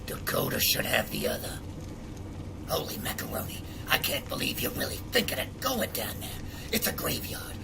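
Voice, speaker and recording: A man voicing a paranoid old male trader who lives in the sewers, talking excitably and repeating words with rising alarm in game dialogue. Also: medium pitch, normal speed, background noise. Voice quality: gravelly.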